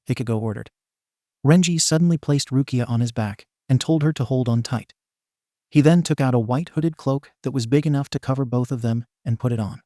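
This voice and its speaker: A man narrating a fan fiction story in a steady, even storytelling manner, recorded on a close mic. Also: mid-range voice, fairly quick, no room sound.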